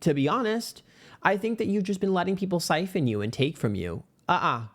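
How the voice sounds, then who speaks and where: A man giving a casual tarot card reading. He is brash, sassy and profane, and his pitch jumps up suddenly for emphasis. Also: expressive, a little fast. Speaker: tarot reader.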